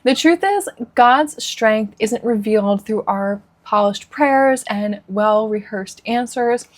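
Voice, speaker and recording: Woman coach delivering a devotional talk, earnest and encouraging, with a fairly high voice. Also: slow. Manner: earnest, encouraging, asks questions. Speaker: Christian counselor and women's coach. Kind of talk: devotional teaching talk to camera.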